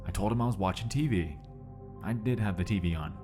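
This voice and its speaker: A man with a low, deep voice narrates a story at a steady, measured pace. A clear music bed plays underneath him throughout. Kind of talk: read-aloud story narration.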